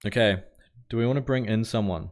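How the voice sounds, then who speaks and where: A laid-back male livestreamer with a fairly low, brisk voice gives casual live commentary on a game. He's relaxed and chatty, greeting viewers as he plays and swearing mildly.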